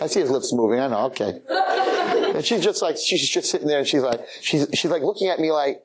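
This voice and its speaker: A man giving a rabbi's lecture in a synagogue, telling a story with lively, animated delivery. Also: a little high, fast talker, heavy background noise. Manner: animated, acts out every character.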